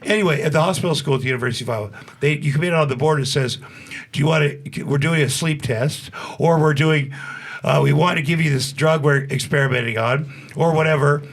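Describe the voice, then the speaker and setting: A man's voice: a little high, fast talker. A man in his sixties, a podcast guest, telling long rambling stories with restarts and acted-out quotes. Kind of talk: casual storytelling.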